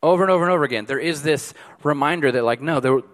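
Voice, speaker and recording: A man preaching a sermon as pastor, emphatic, swinging from loud peaks to hushed lines. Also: on the high side, racing. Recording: long hall reverb.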